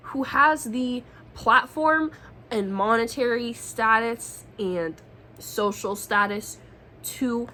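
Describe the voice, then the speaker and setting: A woman's voice: on the high side, pushed and bright, a little hiss or hum, poor audio. A young woman giving a casual tarot reading, talking in an emphatic, slangy way and swearing freely. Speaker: tarot reader.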